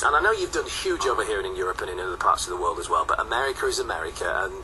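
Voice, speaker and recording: Lively teasing radio host man. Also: low-pitched, very fast, few pauses, a little hiss or hum, low-quality recording. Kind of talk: casual radio chat. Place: radio studio.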